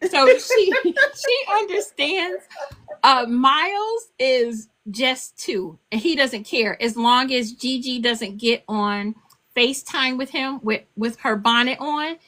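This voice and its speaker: An older woman chatting as an interview guest, with a high, lively, bright voice that swoops up and down. She talks casually and animatedly, laughing as she tells her stories. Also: slow pace. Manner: animated, laughing, acts out quotes in a high child voice. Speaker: author and guest.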